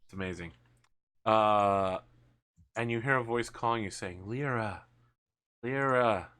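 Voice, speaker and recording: A man's voice: fairly low pitch, fairly even intonation, a little slow, fairly bright tone, clean tone. A man running a tabletop game as game master, mixing teasing banter with scene narration.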